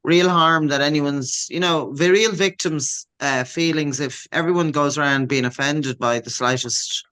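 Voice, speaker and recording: A woman's voice: deep voice, unhurried, a bit bright. A woman hosting a casual panel chat, adding short agreeing remarks. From Ireland. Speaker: host.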